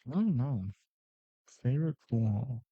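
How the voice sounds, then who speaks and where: A man's voice: medium pitch, lively intonation, unhurried, breathy edge, no room sound, highs cut off. A man co-commentating a pool match live, easygoing and bantering with his partner. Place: pool hall commentary booth.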